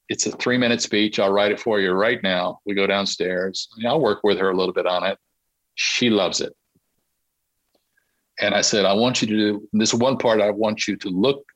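Low-voiced man telling lively anecdotes. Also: dry recording, rough recording. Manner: animated anecdote-telling, acts out quoted dialogue. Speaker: interview guest, Olympic marketing consultant. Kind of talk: casual storytelling in a podcast interview.

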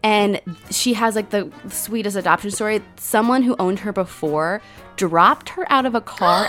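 A woman co-hosting a podcast, talking in an easy, casual way. She tells her story with energy, acting out other people's lines and filling it with lots of "like"s. Her voice sits in a middle pitch. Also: normal speed, soft background music. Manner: animated storytelling, quoting others, many fillers. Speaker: podcast co-host. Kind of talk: casual chat.

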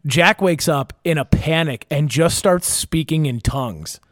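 Young man, casual storyteller, rambling and swearing, slightly high voice, dry close sound. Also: unhurried, no room sound. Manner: rambling, profane, laughing, many fillers and restarts.

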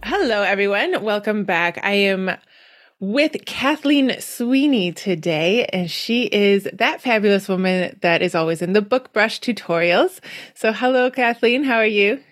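A woman's voice: mid-range voice, expressive, a little slow, soft background music. Chatty, enthusiastic woman podcast host. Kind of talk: podcast interview and promo reading.

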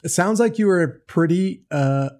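A man's voice: high-pitched, animated, a little slow, a little mellow. A man hosting an interview podcast, a former Army Ranger who talks in a conversational way and explains terms for his listeners.

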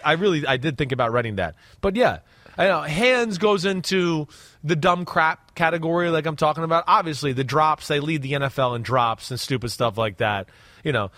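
A man talking football as an analyst in a casual podcast chat, animated and checking in with "right?" as he goes. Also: fairly high pitch, no room sound.

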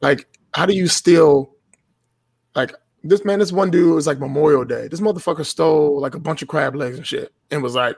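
A man's voice: fairly high pitch, moderate pace, vocal fry, slightly rough, no echo. A young man telling a story on a podcast in a casual, blunt and profane way. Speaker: podcast guest.

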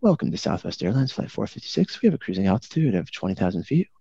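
A man doing a suave, calm airline captain. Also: fast talker, gravelly, slightly rough, no room sound, exaggerated voice. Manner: low, suave intercom announcing. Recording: dull lo-fi call audio.

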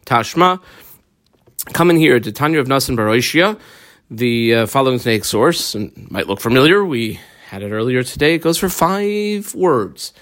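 A man teaching a Talmud lesson, reading Aramaic phrases and explaining them in English with many pauses and fillers. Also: mid-range voice, animated, fairly bright tone.

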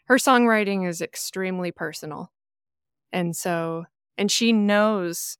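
A woman from the American Midwest talks as a podcast guest, telling stories with animated quoted voices. Her voice sits a bit low and comes across smooth and resonant. The sound is dry and close. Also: no echo. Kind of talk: casual podcast conversation.

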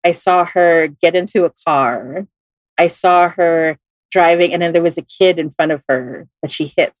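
A woman who reads tarot, telling a story in a casual, animated way, full of "like" fillers. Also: fairly low pitch, moderate pace, no echo.

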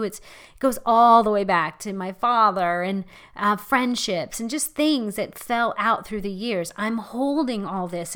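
A middle-aged woman leading a ministry, teaching in an impassioned, conversational sermon style that swings between loud and hushed. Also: a little high. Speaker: ministry leader.

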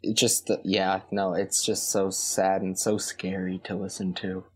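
A woman's voice: rumbling low, little pitch movement, unhurried, husky. A woman co-hosting a podcast, chiming in with short reactions and questions in casual chat. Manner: reactive, short comments and laughs. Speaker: podcast co-host.

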